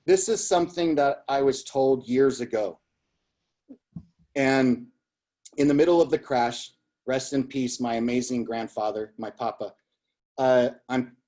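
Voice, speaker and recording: A man's voice: mid-range voice, darkish tone. Emphatic male motivational coach. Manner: emphatic, repetitive, storytelling. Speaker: guest, business coach. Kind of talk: motivational talk.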